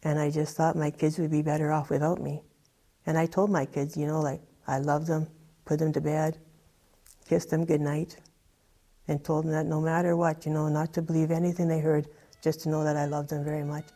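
A woman's voice: low-pitched, little pitch movement, a little fast, mellow. A woman telling her personal testimony in an earnest, rambling way, full of "you know" and "like". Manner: earnest, rambling with many fillers. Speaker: testimony speaker.

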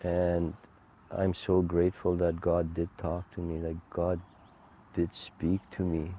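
A middle-aged man giving a personal faith testimony, halting and heartfelt, with many fillers and restarts. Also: sits low, monotone, mellow, slight background noise. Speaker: guest sharing a testimony.

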